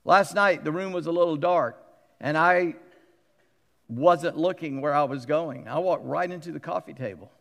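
A middle-aged male pastor preaching a sermon in a conversational, animated way, acting out quotes with humorous asides. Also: on the high side, normal speed, vocal fry. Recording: long reverb of a large hall.

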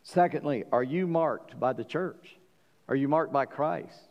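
A man preaching a sermon as pastor, emphatic, swinging between loud declarations and quiet asides, asking the congregation questions. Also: on the high side, a little slow, in a large hall, lo-fi sound. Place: church.

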